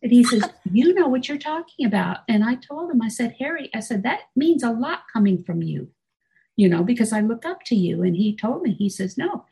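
Woman host, husky breathy voice, relaxed interviewer. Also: on the high side, fairly quick, poor audio. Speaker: podcast host. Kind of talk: casual interview chat.

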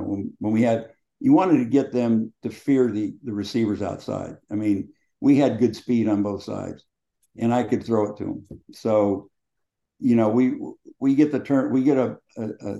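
An older man in his seventies speaks with a low, warm, mellow voice. He tells colorful, salty stories from his playing days as an interview guest. The sound is dull and lo-fi. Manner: colorful, profane, laughing anecdotes. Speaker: guest, former quarterback. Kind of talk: storytelling in casual conversation.

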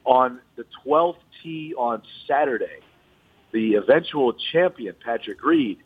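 A man calls in over a thin, tinny phone line, his voice slightly husky. He tells his stories with animated energy, speeding up and slowing down as he goes. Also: medium pitch. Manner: animated storyteller. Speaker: golf reporter phoning in. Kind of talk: casual radio chat. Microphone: telephone.

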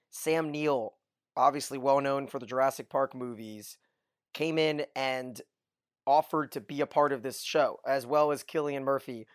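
A man co-hosting a podcast, giving a casual, lively recap of a TV episode and chuckling often. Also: mid-range voice, clear, resonant tone, no room sound, studio quality. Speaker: podcast co-host.

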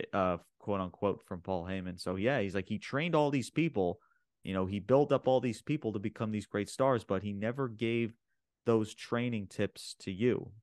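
A man recapping wrestling in casual chat, excitable and stumbling over his words as he repeats himself. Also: on the low side, dry recording, clean studio sound. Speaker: podcast co-host.

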